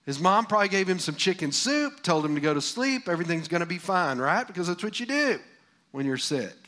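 A man's voice: high voice, big pitch swings, brisk, sharp tone, exaggerated voice. A preacher voicing worried male disciples in a comic, exaggerated way during a sermon. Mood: anxious, joking.

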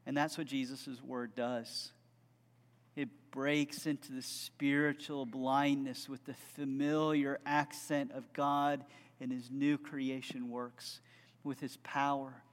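A man's voice: mid-range voice, flat delivery, slow pace, in a large hall. A man preaching a sermon, telling a story with earnest conviction and closing in fervent prayer. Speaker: pastor.

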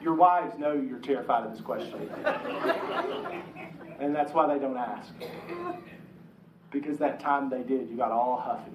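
A man's voice: medium pitch, slow pace, pauses often, a little hiss or hum. A man preaching a conversational sermon, slipping into the voices of the people he quotes. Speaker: pastor. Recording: echoey room, mic from a distance.

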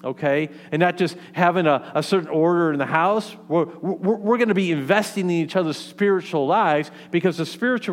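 A man with a slightly high voice preaches a sermon briskly and with few pauses, keeping it conversational by checking in with "okay?" and "right?" He often restarts sentences and repeats words, and a long hall reverb colors the sound.

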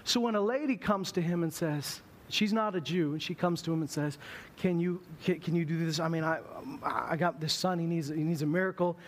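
High-voiced storytelling preacher man. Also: fairly quick, slight background noise. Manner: humorous storytelling, acts out voices. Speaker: pastor. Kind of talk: sermon. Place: church.

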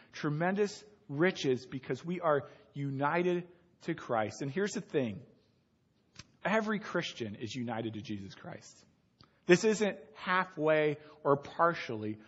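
A man's voice: on the high side, husky, highs cut off. Man preaching a storytelling sermon. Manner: storytelling, builds to emphatic peaks. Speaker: pastor.

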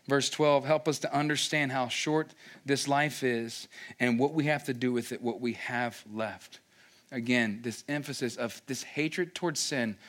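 A man's voice: medium pitch, a bit bright. A man preaching a sermon as pastor, often stopping to ask the congregation if they follow him. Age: young adult or middle-aged, has young kids. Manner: rhetorical check-ins with the congregation.

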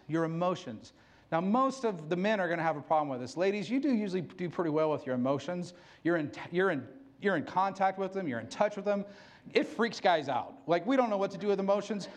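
A middle-aged man preaching a sermon, candid and self-mocking, laughing often. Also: sits high. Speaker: pastor.

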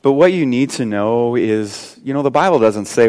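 Man preaching, loud then hushed. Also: medium pitch, lively intonation, normal speed, few pauses. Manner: swings between loud emphatic preaching and hushed prayer; repeats and restarts words. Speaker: pastor. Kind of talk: sermon. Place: church service.

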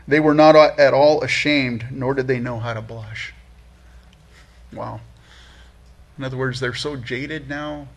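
A man's voice: mid-range voice, a bit bright, breathy edge. A man preaching an earnest, conversational sermon, often repeating himself as he works toward a point and lifting his voice for emphasis. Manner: earnest, conversational, many restarts, rises for emphasis. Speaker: pastor.

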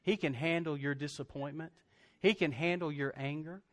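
A man's voice: fairly high pitch, normal speed. A male pastor, telling a personal story in a sermon and speaking straight to his congregation.

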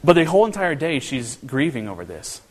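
Man pastor, earnest sermon, slightly high voice, animated, long church reverb. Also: brisk, background noise. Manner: earnest, animated preaching with restarts.

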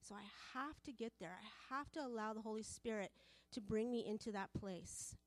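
A woman's voice: fairly high pitch, normal speed, dry recording. A woman preaching a sermon to a women's group, passionate and repetitive, building in volume as she presses her points.

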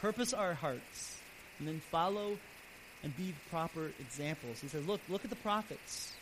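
A man pastor preaching a sermon earnestly, his voice swelling louder and then dropping soft. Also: fairly high pitch, normal speed. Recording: steady background hiss.

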